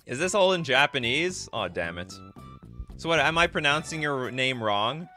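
A man's voice: mid-range voice, normal speed, faint music behind. A man from Canada hosting a casual live stream, chatting in a jokey way and thinking aloud as he reads viewer messages. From Canada (Winnipeg). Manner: animated, jokey, thinks aloud while reading chat. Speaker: livestream host.

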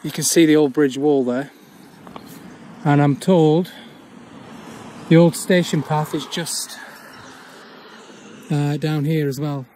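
A man's voice: on the high side, fairly even intonation, dark tone, a little hiss or hum. Chatty man outdoors. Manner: chatty, with frequent "uh" pauses. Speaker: urban exploring vlogger. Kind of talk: casual walk-and-talk commentary. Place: outdoors on an overgrown old railway path.

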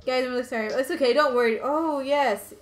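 A woman's voice: high-pitched, a little fast, slight background noise. A young woman hosting a casual game stream from a couch at home, bubbly and chatty, often laughing. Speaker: stream host. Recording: echoey room with game music.

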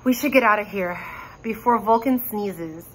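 A woman voicing a bold young boy dragon master who speaks loudly and jokes. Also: mid-range voice, moderate pace, slightly rough, close to an everyday voice, rough recording. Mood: joking.

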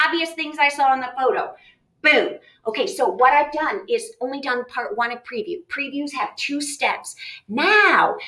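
An animated woman teacher walks students through a reading lesson, thinking aloud and firing off questions to herself. Her voice sits a little higher than most. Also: poor audio. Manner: lively, emphatic, thinks aloud with self-questions.

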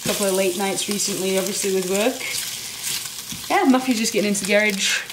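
A woman's voice: medium pitch, quick pace, echoey room, background noise. A woman vlogging casually while cooking in her home kitchen, chatty and rambling with loose restarts. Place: home kitchen with food frying. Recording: frying sizzle under the voice.

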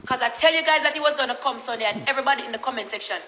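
A woman's voice: on the high side, rapid-fire, sharp tone, reverberant, slight background noise, low-quality recording. A woman with a Jamaican accent telling a story in a blunt, repetitive, cussing rant. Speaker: vlogger.

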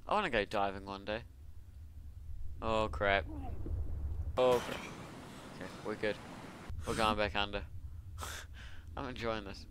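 A man giving casual commentary as he plays a game, excitable and talking to himself, with sudden yelps and laughs. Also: fairly low pitch, measured pace, long pauses, clear, resonant tone. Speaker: gaming video creator.

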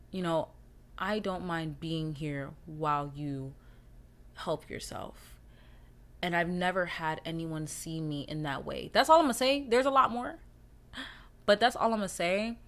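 A woman's voice: lowish voice, fairly bright tone. A young woman hosting her own podcast, talking candidly and casually to her listeners with heavy cursing. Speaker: podcast host. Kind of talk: casual solo monologue.

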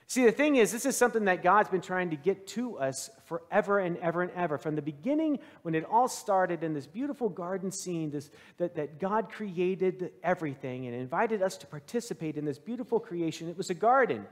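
A middle-aged male pastor with a notably high voice preaches in a church sanctuary, his words trailing into a long reverb. He tells his story in an animated, self-deprecating way, swinging between loud bursts and hushed stretches. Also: fairly quick. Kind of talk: sermon with personal storytelling.

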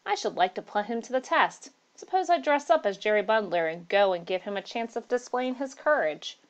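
A woman's voice: fairly high pitch, lively intonation, brisk, natural voice. A woman voicing a boastful young man who loves amateur acting, speaking eagerly in a read-aloud story. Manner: eager, cocky.

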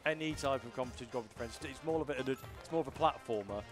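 A man's voice: medium pitch, quick pace, soft background music. A man casting a live game tournament while playing, joking about himself and laughing often. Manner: jokey, self-mocking, laughs often. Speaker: tournament caster and player. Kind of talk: live gameplay commentary.

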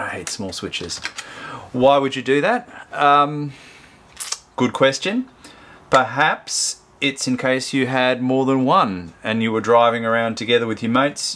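A man's voice: medium pitch, unhurried, fairly bright tone. Male host, casual unboxing review, rambling and chatty, faint background noise. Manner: chatty, rambling, self-correcting.

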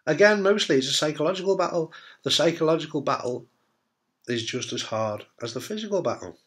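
A man's voice: a little high, expressive, brisk, a bit bright. A man and cancer survivor, talking casually and bluntly to camera, frank and jokey with the odd swear word. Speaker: testicular cancer survivor giving advice.

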